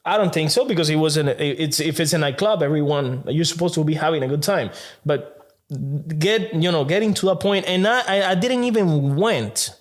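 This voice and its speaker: Male podcast co-host, halting and repetitive, slightly high voice. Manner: halting, repeats words, animated when telling stories. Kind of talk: casual podcast chat.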